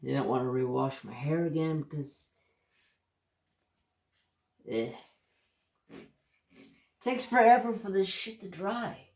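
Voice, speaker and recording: Speaking slowly with long pauses, the American craft channel host has a fairly high voice and lively intonation, and the audio is reverberant. He hiccups while rambling, swearing, and spinning easygoing stories on a casual livestream chat.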